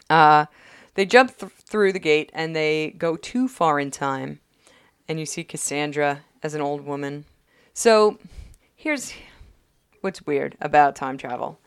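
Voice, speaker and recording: Wry chatty woman with a smooth low voice. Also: animated, dry recording, studio quality. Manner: chatty, wry, quick asides. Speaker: podcast co-host. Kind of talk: casual episode recap chat.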